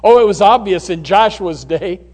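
A man preaching as a pastor, swinging from loud, rising calls down to near-whispers. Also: high voice, normal speed, soft background music. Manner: preaching with sudden loud rises and hushed drops. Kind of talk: sermon.

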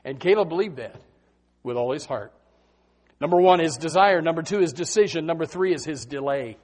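Man, preacher, folksy sermon, animated delivery, high-pitched. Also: fairly quick. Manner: folksy, animated preaching with big swings in pitch and loudness, frequent amens.

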